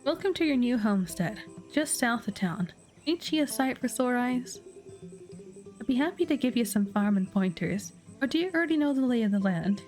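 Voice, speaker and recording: A woman's voice: on the high side, expressive, moderate pace, darkish tone, faint music behind, lightly acted. A woman reading a welcoming frontier mayor. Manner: plain reading without an accent. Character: welcoming small-town frontier mayor, male. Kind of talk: reading game dialogue aloud on stream.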